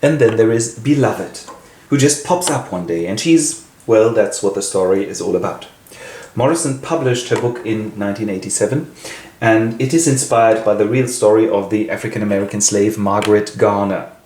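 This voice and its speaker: A man's voice: fairly low pitch, moderate pace, darkish tone. A man casually retelling a novel as host, breezy with playful asides. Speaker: literature summary host. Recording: roomy echo.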